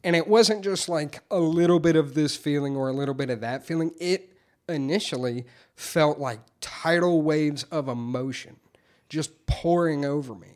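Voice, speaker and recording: Speaking at a normal speed in a voice on the high side, a man shares how he recovered. He's frank and informal, curses without restraint, and livens up when repeating his own words.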